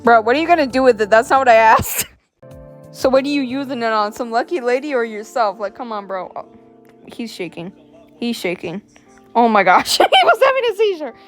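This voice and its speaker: A woman hosting a casual reaction vlog, excitable and exasperated, talking with plenty of slang. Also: a little high, moderate pace, faint music behind. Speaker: host. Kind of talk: casual reaction vlog, reading a story aloud.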